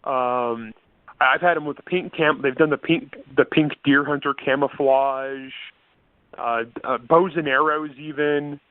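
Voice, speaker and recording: A man's voice: medium pitch, fairly even intonation, a little slow, no echo. Male author guest, casual and chatty, laughs a lot, full of ums and restarts; thin phone-line audio. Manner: chatty, laughing often, many fillers and restarts. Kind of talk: casual interview chat. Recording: tinny phone-line sound, dry.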